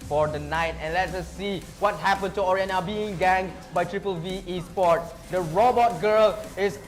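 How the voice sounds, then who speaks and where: A man's voice: high-pitched, moderate pace. A young man, giving playful play-by-play commentary on an esports match. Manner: joking, playful banter with co-caster. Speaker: esports caster. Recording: faint music behind.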